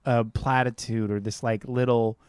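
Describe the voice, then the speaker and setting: A man's voice: medium pitch, little pitch movement, moderate pace, darkish tone, clear, resonant tone, dry recording, clean studio sound. A man co-hosting a podcast in casual film chat, earnest, repeating phrases as he thinks and acting out quotes. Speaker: podcast co-host.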